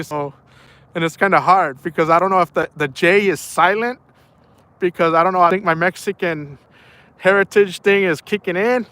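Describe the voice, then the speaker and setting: A man's voice: high voice, bright, forceful tone, clean tone. A young man chatting casually on a night fishing live stream, playful and laughing often while reading chat aloud. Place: outdoors at night by the water.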